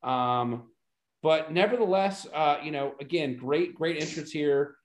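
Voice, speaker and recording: An unhurried man with a fairly high voice co-hosts a podcast, chatting about an old wrestling event. He recaps it in a relaxed, eager way.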